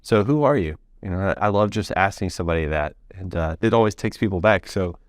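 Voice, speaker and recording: A man hosting a podcast in casual interview chat, chatty and quick to laugh, with rambling asides. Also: low voice, dry recording, clean studio sound. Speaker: podcast host.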